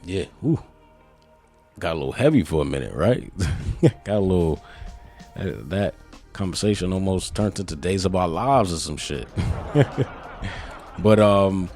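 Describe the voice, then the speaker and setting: A man hosting his own podcast, talking in a laid-back, conversational way with a deep voice and frequent asides to his listeners. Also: lively intonation, measured pace, long pauses, darkish tone, faint music behind. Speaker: podcast host. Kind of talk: casual solo podcast monologue.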